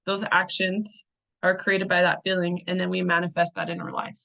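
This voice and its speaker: A woman's voice: lowish voice, little pitch movement, normal speed, vocal fry, pushed and bright, rough recording. A young adult woman coaching a group in a casual teaching talk. She sounds chatty and loose, with fillers and restarts.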